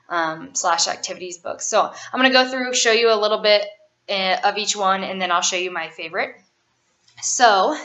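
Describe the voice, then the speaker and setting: A woman's voice: medium pitch, sharp tone. A young woman giving a class presentation on an author, then reading a children's picture book aloud in a casual, filler-heavy way. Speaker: student presenter.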